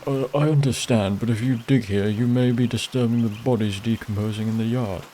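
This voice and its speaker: A man voicing a hesitant, gentle village priest. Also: mid-range voice, fairly even intonation, brisk, slight background noise, close to an everyday voice. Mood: placating. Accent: northern English.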